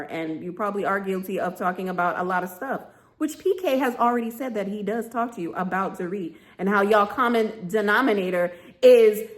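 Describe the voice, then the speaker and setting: A woman giving sassy, casual reaction commentary on a reality show, talking straight to the cast members. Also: mid-range voice.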